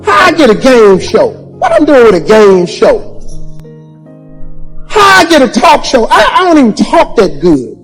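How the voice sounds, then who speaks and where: Man, motivational speaker, high voice, rhetorical, hall reverb with music under. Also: huge pitch swings, unhurried. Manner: preachy, emphatic, repetitive rhetorical questions; folksy Southern-style grammar. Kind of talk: motivational speech.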